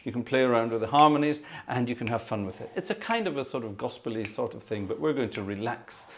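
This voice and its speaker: A man's voice: mid-range voice, quick pace, a little hiss or hum. A man hosting a live organ-music stream, chatting cheerfully and thanking viewers by name between tunes. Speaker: livestream organist and host.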